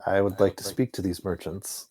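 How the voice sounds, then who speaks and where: A man's voice: sits low, flat delivery, moderate pace, mellow, slightly rough, faint music behind. A man voicing a blunt, suspicious ranger who questions formally. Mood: stern. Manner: formal, interrogating. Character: stern male ranger warrior, blunt and suspicious.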